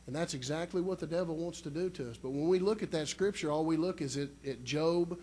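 A man, a minister, introducing a guest preacher with halting, heartfelt praise. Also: on the high side, darkish tone, husky. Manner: halting, full of fillers, heartfelt. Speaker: youth conference minister introducing the speaker. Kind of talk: sermon introduction.

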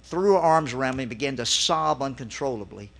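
A man's voice: mid-range voice, expressive, fairly quick, vocal fry, fairly bright tone. A middle-aged man preaching, telling a personal story in a conversational way and acting out what he once said. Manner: conversational storytelling, acting out his own quoted lines.

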